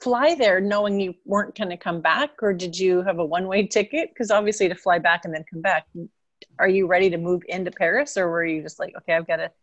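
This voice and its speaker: A woman's voice: lowish voice, fairly quick, dull audio. Curious woman interviewer. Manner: curious, encouraging, asks follow-up questions. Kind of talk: casual interview chat.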